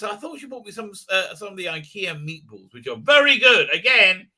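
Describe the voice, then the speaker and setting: Middle-aged man, high bright voice, rambling blunt live-stream host. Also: lively intonation, brisk, hardly any pauses. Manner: rambling, many fillers, jokey and blunt. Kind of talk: casual live-stream commentary.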